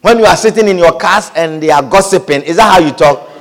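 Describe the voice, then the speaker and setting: A man's voice: a little high, fast. A man pastor preaching a sermon, acting out scripture quotes and everyday scenes with frequent laughter.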